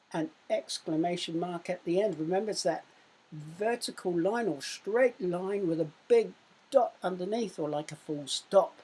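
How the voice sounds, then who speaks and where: A woman teaching a recorded primary school lesson. She speaks clearly and raises her voice to show exclamations. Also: fairly low pitch. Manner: slow, clear teaching voice that loudly acts out exclamations.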